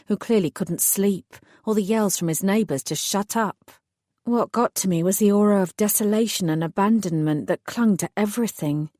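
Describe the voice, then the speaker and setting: A woman narrating a first-person audiobook in a measured, lightly wry way. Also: on the low side, dark tone, dry recording, clean studio sound.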